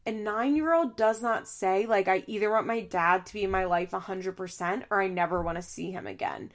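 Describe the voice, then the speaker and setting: This young woman is a reality TV commentator, talking fairly quickly in a mid-range voice. Her casual commentary is heated and exasperated, packed with "like" fillers and swearing.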